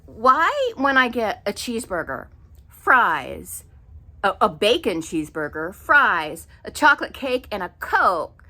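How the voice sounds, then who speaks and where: A middle-aged woman telling a story in an exasperated, animated casual rant with many fillers. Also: on the high side, unhurried. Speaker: vlogger. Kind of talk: casual ranting monologue.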